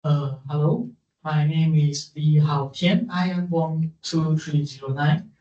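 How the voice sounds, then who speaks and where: A male student from Selangor introduces himself in a lively, animated way. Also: a little high, slow. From Klang, Selangor, Malaysia. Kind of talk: self-introduction in class. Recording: dull echoey classroom.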